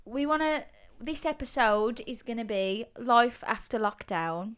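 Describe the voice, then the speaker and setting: A woman's voice: fairly high pitch, lively intonation, measured pace, fairly bright tone, smooth. A young woman co-hosting a casual chat podcast with a friend, playful and giggly, recorded at a desk microphone in a room. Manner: giggly, playful, trying silly accents. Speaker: podcast co-host. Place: indoor room at a table.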